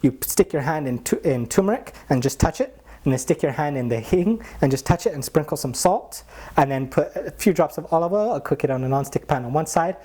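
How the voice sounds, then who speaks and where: Fast-talking man telling lively anecdotes. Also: a little high. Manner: animated, acts out quoted voices, frequent "like" fillers. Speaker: spiritual teacher. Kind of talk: casual storytelling talk.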